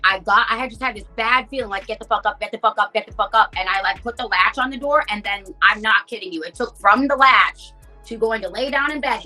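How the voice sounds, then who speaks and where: A woman's voice: a little high, bright, forceful tone. A woman rapper, telling stories candidly in a casual interview, swearing often and saying "like" a lot. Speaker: rapper guest.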